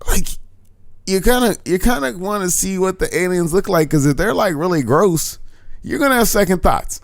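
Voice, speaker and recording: A man's voice: high-pitched, animated, normal speed, gravelly, no room sound, studio quality. A man co-hosting a podcast in casual banter, joking, swearing and laughing often. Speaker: podcast co-host.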